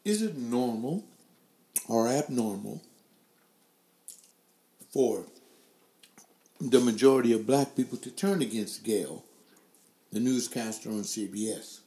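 A man's voice: mid-range voice, expressive, slow pace, pauses often, mellow, echoey room. An older man hosting his own webcast, giving his opinions and stringing together rhetorical questions into a desk microphone. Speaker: webcast host. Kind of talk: opinion commentary to a webcast audience. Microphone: desk microphone, later adjusted to sit further back.

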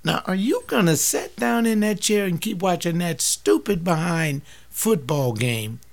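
Older man preaching in a gravelly voice. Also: high voice, animated, a little slow. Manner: acts out family dialogues, swings from loud to hushed. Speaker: teacher giving a sermon-like talk. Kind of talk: impassioned preaching to an audience.

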